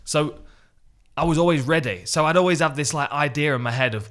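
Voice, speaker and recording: Dude on a podcast, bright sharp voice, laid back, bit self-deprecating. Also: male voice, fairly high pitch, fairly quick. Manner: relaxed, self-deprecating, repeats words. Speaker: podcast co-host. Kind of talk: casual chat.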